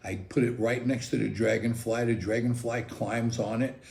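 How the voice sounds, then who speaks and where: Gravelly older man telling a story. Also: medium pitch, normal speed. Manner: animated, chatty, repeats "okay?" often. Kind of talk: casual personal storytelling. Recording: roomy echo.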